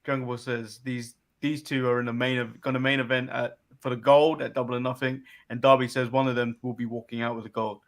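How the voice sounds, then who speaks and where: A man's voice: mid-range voice, level tone, brisk, few pauses. A man from England co-hosting a casual wrestling recap show, dry and dismissive as he recaps. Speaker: podcast co-host.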